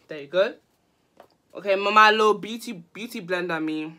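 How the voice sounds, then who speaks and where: Young woman, vlogger, giggly and playful, bright voice. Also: medium pitch, normal speed. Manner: giggly, mixes Yoruba and English. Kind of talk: casual makeup tutorial vlog.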